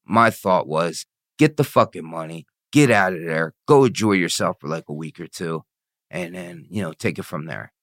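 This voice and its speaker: A man's voice: sits low, animated, normal speed, fairly bright tone, no room sound, clean studio sound. A man telling his own story in an interview, blunt and profane, often asking "you know what I mean". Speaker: interview guest.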